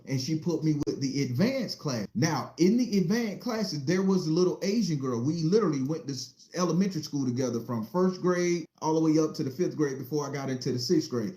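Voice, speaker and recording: A man's voice: on the high side, mellow, roomy sound. A man casually telling a childhood story in a rambling, profane, vivid way.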